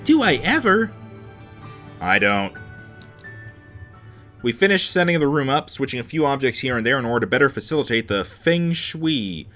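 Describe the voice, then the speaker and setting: A man hosting a game video, reading the narration of a visual novel and breaking off for sarcastic remarks. His voice is bright, and his pitch moves freely. Soft music runs behind him. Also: animated, normal speed. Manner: sarcastic asides between narration. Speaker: let's play host.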